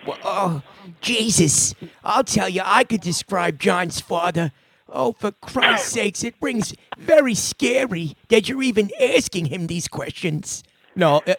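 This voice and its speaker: A man in his fifties hosts a call-in podcast, trading profane, gruff banter with callers. His voice sits fairly high for a man and sounds dry and close to the mic. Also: dry recording. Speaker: podcast host. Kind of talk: casual call-in chat.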